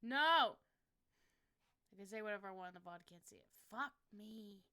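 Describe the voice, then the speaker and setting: A woman chatting casually on a livestream, excitable and foul-mouthed, who yelps and swears when things go wrong. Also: mid-range voice, moderate pace, clear, resonant tone. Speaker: streamer.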